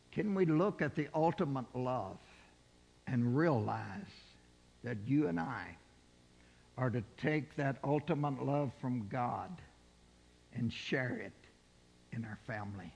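An older man delivers a sermon at an unhurried, deliberate pace, his voice a little husky. He keeps putting questions to the congregation. His words ring out with the long reverb of a large hall. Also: mid-range voice, darkish tone, muffled recording. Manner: asks the congregation rhetorical questions. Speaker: preacher.

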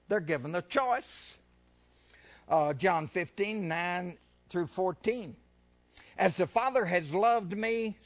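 A man preaching a sermon with fervour, questioning his listeners and drawing out and swelling his voice on scripture. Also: high-pitched. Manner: fervent preaching, slows and swells louder when reading scripture; asks the congregation questions, repeats phrases.

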